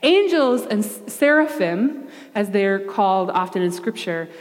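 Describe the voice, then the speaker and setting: A woman's voice: mid-range voice, measured pace. Woman preaching with hall reverb. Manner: conversational and animated, with playful asides. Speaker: pastor. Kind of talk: sermon. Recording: long reverb of a large hall.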